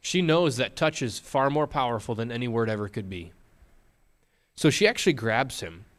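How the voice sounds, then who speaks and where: A male preacher retells a scripture story as a sermon. He slows for dramatic pauses and puts rhetorical questions to his listeners. His voice sits in an ordinary middle pitch. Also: animated.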